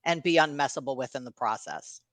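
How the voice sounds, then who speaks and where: A woman's voice: a bass voice, a little fast, dry recording. A middle-aged woman from New York, a coach and guest, telling stories casually with frequent "you know" and laughs. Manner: storytelling, laughs often, fillers like "you know". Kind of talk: casual interview chat.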